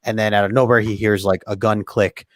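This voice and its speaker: An American man retelling comic scenes in a relaxed, rambling way, with plenty of fillers. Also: on the low side, a little fast, no room sound, clean studio sound. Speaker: podcast co-host. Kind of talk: casual chat about comics.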